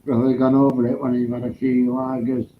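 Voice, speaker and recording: A man's voice: mid-range voice, sing-song, fast, vocal fry, phone-quality sound, a little hiss or hum. A man in a casual chat, mostly giving short replies and chuckling. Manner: brief backchannel replies, chuckles.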